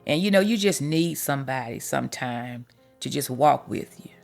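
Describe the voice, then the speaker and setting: Woman, life coach, gravelly fry in the voice, heartfelt candid storytelling, homespun sayings. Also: extremely low pitch, animated, moderate pace, soft background music. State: emotional at times. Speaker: life coach and podcast host. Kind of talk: personal testimony storytelling.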